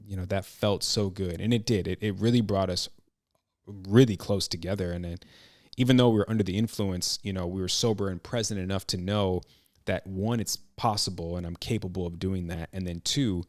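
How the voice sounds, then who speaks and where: Low-voiced man, earnest reflective storyteller. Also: no room sound, studio quality. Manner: reflective, earnest, halting with frequent restarts. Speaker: podcast host. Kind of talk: personal storytelling monologue.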